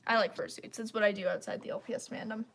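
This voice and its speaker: A woman's voice: mid-range voice, steady tone, quick pace, creaky, a bit bright, slight background noise. A woman hosting a casual live stream, talking in a blunt, opinionated, rambling way. Her throat is stuffed up and congested.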